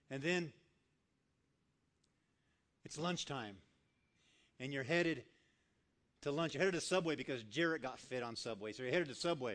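Male guest preacher, a bit high-pitched, animated storyteller who voices his characters. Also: moderate pace, pauses often. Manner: animated storyteller acting out voices, dropping soft for quiet lines. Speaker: guest speaker. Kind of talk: sermon storytelling.

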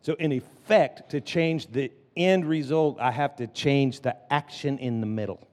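A man preaching a lively sermon as pastor, drawing the congregation into call-and-response. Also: mid-range voice, a little slow. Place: church sanctuary. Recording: long church hall reverb.

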